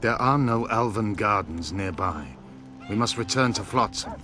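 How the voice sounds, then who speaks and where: A wry bright-voiced bard. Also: male voice, lowish voice, lively intonation, moderate pace, faint music behind. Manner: wry and quippy.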